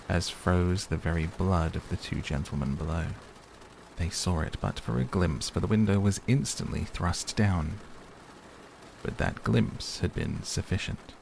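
A man narrating a classic novel as a calm, measured bedtime audiobook. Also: sits low, creaky, slight background noise. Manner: measured, soothing. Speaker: audiobook reader. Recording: steady rain sounds behind.

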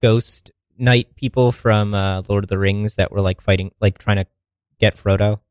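A man's voice: on the low side, fairly even intonation, moderate pace, dry recording. A man co-hosting a comedy podcast in a radio studio, rambling with lots of "like" and "uh". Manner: rambling, filler-heavy. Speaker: podcast co-host. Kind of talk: casual podcast chat.

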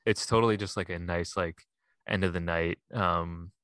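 A man with a very deep, low voice talks loosely on a podcast, trailing off into fillers and breaking into laughs. The sound is close and dry, with no room around it. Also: fairly even intonation, moderate pace, fairly bright tone, no echo. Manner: laughing often, rambling with fillers. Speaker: podcast co-host. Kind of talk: casual chat.

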